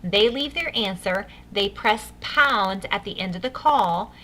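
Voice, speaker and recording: A woman's voice: mid-range voice, lively intonation, a little slow, a bit bright. A woman leading a sales training session for new consultants, upbeat and coaching, speaking straight to her listeners. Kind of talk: enthusiastic sales training talk.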